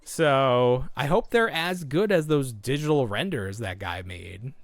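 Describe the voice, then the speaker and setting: Animated man rambling on a podcast. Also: mid-range voice, a little slow, no room sound. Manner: rambling, lots of fillers and trailing thoughts. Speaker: podcast co-host. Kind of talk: casual chat.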